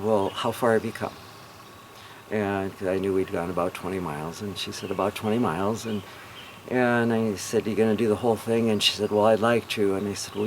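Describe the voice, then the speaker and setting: A middle-aged man, a hypnotherapist, telling a personal story to viewers in an earnest, encouraging way. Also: fairly low pitch. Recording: noticeable background noise.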